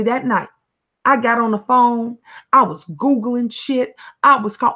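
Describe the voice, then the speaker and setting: A woman's voice: fairly high pitch, a bit bright, lo-fi sound. A woman who is a mother, hosting a live online talk stream, answering viewers with blunt, profane, preachy encouragement. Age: adult, a mother.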